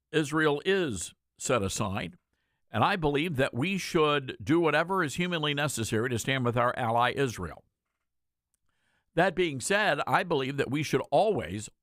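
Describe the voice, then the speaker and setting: A male host delivers an emphatic political commentary monologue in a conversational tone, leaning on repeated words for stress. His pitch moves freely and expressively. The sound is dry and close, with no room around it. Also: a bit bright, no echo. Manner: conversational, addresses listeners directly. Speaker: talk show host.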